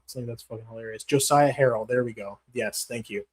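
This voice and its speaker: A man's voice: mid-range voice, fairly even intonation, fairly quick, few pauses, darkish tone. A man hosting a casual livestream, answering chat in a profane, rambling, slangy way. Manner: profane, rambling, slangy, calls viewers bro. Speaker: MMA channel host reading live chat.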